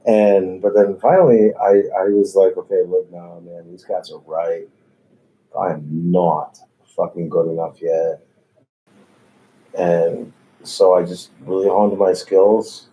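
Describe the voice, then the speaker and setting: A man's voice: low-pitched, fairly even intonation, takes it slowly, highs cut off. A man, a tattoo artist, telling stories in a laid-back way, swearing freely and laughing often. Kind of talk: casual storytelling. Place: tattoo shop.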